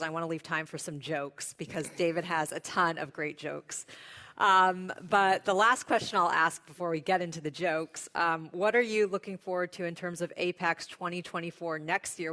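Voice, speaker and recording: A conference moderator asking questions on a live stage, upbeat and keeping the session on schedule. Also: medium pitch. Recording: bright voice with long hall reverb.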